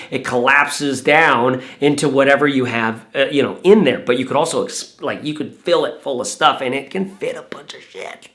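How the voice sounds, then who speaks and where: A man reviewing backpacks in a casual, excitable vlog, rambling with lots of fillers. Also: mid-range voice. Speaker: YouTube bag reviewer. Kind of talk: casual enthusiastic vlog talk.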